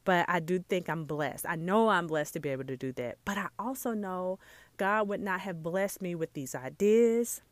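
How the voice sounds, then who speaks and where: Her pitch sits fairly low and her pace is moderate, with no room sound at all. A jewelry maker, she hosts a casual solo podcast, chatting directly to listeners in a heartfelt, earnest way and wandering into frequent asides.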